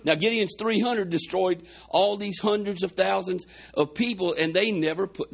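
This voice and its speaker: A man preaching, his voice gravelly and a little husky, set somewhat high for a man. He retells scripture in a folksy storytelling way, acting out the dialogue, with congestion in his chest. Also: normal speed. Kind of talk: sermon storytelling.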